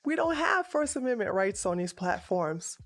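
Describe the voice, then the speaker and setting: A woman hosting a political livestream, ranting and arguing in a combative, profane, often shouting way. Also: mid-range voice, sing-song, moderate pace. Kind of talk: heated livestream rant.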